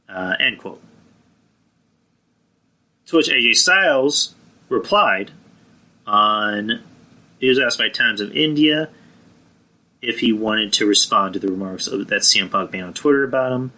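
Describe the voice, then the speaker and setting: A man's voice: on the low side, normal speed, pauses often, pushed and bright, rough recording. A man hosting a live wrestling stream, rambling in a casual, profane way and answering viewers in the chat. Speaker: podcast host.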